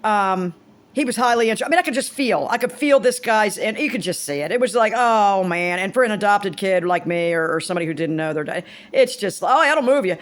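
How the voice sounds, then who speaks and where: A woman's voice: mid-range voice, quick pace. A woman in her fifties talking casually to camera, rambling and blunt, swearing freely and restarting her sentences. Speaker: vlogger.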